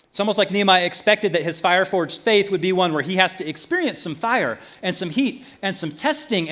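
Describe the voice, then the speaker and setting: A man preaching a sermon as pastor in a church, swinging from loud emphasis to quiet asides. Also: a little high.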